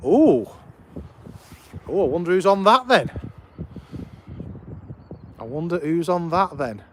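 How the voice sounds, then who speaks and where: Speaking slowly with big swings in pitch, a man with a somewhat high voice hosts a live stream outside an airport. He chats casually with viewers, greets them by name and comments enthusiastically, all over slight background noise.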